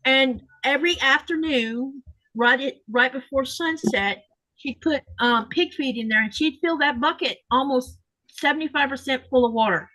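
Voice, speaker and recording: A woman with a somewhat high voice hosts a casual sewing live stream. She tells rambling home stories and reads out viewer comments in an easy, chatty way. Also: normal speed, bright, forceful tone. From Florida. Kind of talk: casual chat while sewing.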